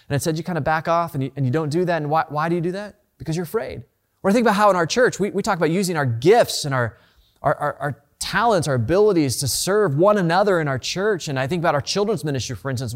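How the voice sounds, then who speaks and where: A man preaching a sermon as a pastor, earnest and conversational, often repeating words as he restarts a thought. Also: a little high.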